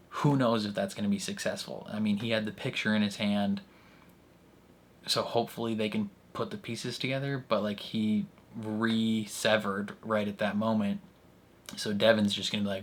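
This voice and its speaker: Male reaction host, lower register, loose chatty delivery, light background noise. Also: flat delivery, normal speed, fairly bright tone. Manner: chatty, rambling, frequent filler words and laughter. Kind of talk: casual reaction commentary.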